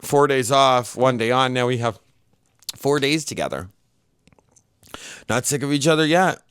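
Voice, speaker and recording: A man co-hosting a podcast, chatting casually with lots of fillers and an animated delivery. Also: medium pitch, unhurried, clear, resonant tone, no echo, clean studio sound. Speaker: podcast co-host. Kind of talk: casual chat.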